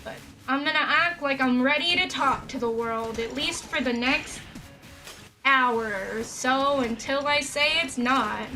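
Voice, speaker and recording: A woman's voice: sits high, a little slow, bright, forceful tone. A woman streaming a game, chatting casually and sarcastically with viewers, rambling between stories and sounding a little worn out. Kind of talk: casual gameplay commentary. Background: background game music.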